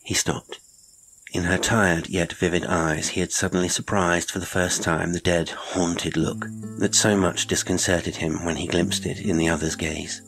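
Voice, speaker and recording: A man narrating a classic horror audiobook in a measured, theatrical reading. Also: sits low, level tone, a bit bright, rough recording.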